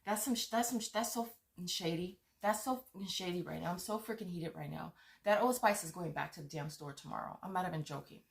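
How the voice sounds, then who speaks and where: A woman's voice: fairly low pitch, fast, vocal fry, few pauses. A woman vlogger furiously ranting to her viewers, swearing, stammering and repeating herself. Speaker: vlogger on money-saving apps. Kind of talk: angry rant to viewers.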